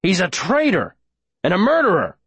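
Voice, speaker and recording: A man's voice: high voice, wildly swooping pitch, normal speed, fairly bright tone, breathy edge, no room sound, voice pushed up, heavily acted. A man voicing a hostile bearded townsman who sneers and accuses.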